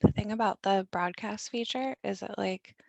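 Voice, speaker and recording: A woman co-hosting an online meeting, chatting in a brisk, practical way over a video call. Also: medium pitch, creaky, dry recording. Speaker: meeting co-host. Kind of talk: casual video-call chat.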